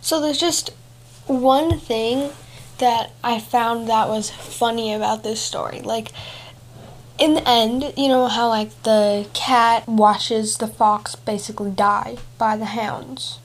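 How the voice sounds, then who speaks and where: A woman's voice: fairly high pitch, fairly even intonation, takes it slowly. A young woman hosting a podcast, reading fairy tales aloud and adding wry, chatty asides. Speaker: podcast host and reader.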